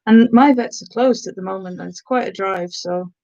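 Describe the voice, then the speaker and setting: A woman's voice: mid-range voice, normal speed, gravelly, darkish tone. Woman streamer from the Black Country, chatty, answers chat between bits of giantess role-play, muffled lo-fi sound. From Black Country, England. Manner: chatty, answering viewers' comments. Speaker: ASMR streamer.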